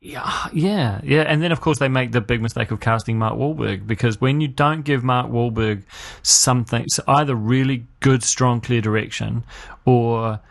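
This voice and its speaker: A man co-hosting a relaxed film review conversation, his pitch sitting in an ordinary middle range. He talks casually and hesitantly, full of ums and restarts, with a dry, sardonic edge to his jokes. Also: moderate pace, gravelly. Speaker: film review podcast co-host. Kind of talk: casual chat.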